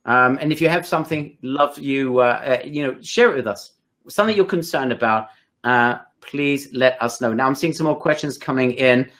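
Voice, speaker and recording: A man with a mid-range, slightly bright voice hosts a webinar at a normal speed. He's enthusiastic and speaks directly to his viewers.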